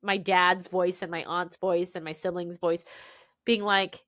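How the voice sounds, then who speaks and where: A woman author appears as a podcast guest and tells her story candidly and animatedly, peppering her speech with "right?" and "dude." Her voice is lowish and a little slow. The studio-quality recording is dry.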